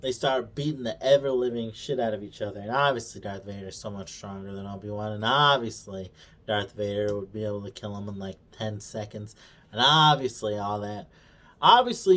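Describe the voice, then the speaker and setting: A video reviewer speaks at normal speed in a fairly low yet slightly bright voice, giving a casual review rant full of swearing. He's exasperated and mocking, reenacting characters' lines as he retells scenes in his own words.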